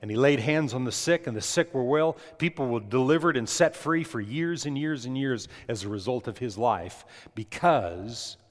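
A man's voice: mid-range voice, expressive, normal speed, few pauses, big-room sound. A man preaching a sermon to a congregation, emphatic, putting questions to the listeners. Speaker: pastor.

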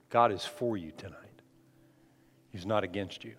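A man's voice: lowish voice, takes it slowly, slightly rough. A man preaching a conversational sermon as a pastor, often restarting his phrases. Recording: long hall reverb.

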